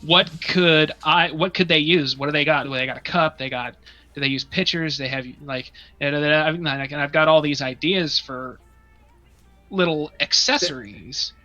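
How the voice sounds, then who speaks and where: A man's voice: a little high, normal speed, bright, forceful tone, no room sound, faint music behind. A man guesting on a casual interview, talking in long run-on rambles full of fillers. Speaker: guest, one-man accessory maker. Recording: dull lo-fi dry sound.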